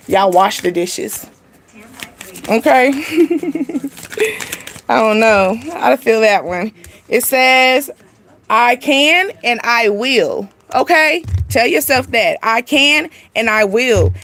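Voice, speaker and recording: Chatty high-voiced woman giving a reading. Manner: chatty and animated, laughs often, talks straight to viewers; informal slangy speech with y'all and ain't. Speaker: spiritual reader and channel host. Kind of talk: casual spiritual reading to camera.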